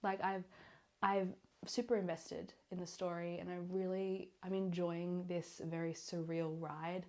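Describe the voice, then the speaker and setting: A young woman chatting in a casual reading vlog, her voice nasal and congested from illness, rambling excitedly and correcting herself as she goes. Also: fairly low pitch, a little slow. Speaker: book vlogger.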